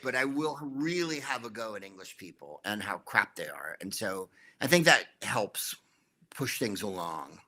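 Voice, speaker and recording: A middle-aged man tells stories with dry wit and throws in quick asides. His voice sits low but has a bright, forceful edge. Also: expressive. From United States. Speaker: comedian guest. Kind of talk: anecdotal interview chat.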